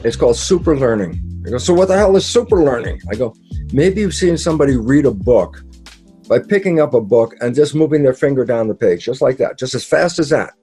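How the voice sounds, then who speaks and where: A man's voice: mid-range voice, a little fast, husky, soft background music. A man speaking as an interview guest. He explains his ideas with energy and acts out his own quoted conversations, stressing points through repetition. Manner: animated storyteller who acts out his own quoted dialogue; emphatic and repetitive, with occasional laughs and mild swearing.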